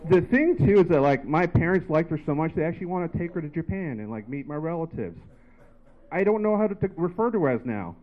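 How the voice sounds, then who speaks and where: Male stand-up comic, slightly high voice, rambling filler-heavy delivery, tinny lo-fi live sound. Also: lively intonation, fast talker. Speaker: stand-up comedian. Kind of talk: stand-up set. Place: comedy bar stage. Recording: tinny phone-like live recording.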